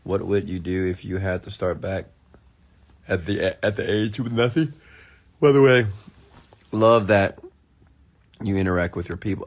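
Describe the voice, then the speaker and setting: A man casually chatting on a late-night livestream, rambling and excitable while he reads and answers viewer comments, still getting over food poisoning. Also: sits low, unhurried, pauses often. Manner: rambling, excitable, lots of restarts.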